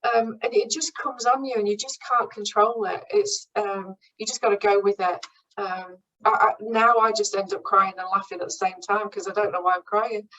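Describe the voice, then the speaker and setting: A woman's voice: mid-range voice, steady tone, moderate pace, fairly bright tone. Chatty woman speaking frankly, slightly distant. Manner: frank, chatty, many ums and restarts. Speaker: speaker at a branch meeting. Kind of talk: informal talk from personal experience. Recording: voice somewhat far from the mic.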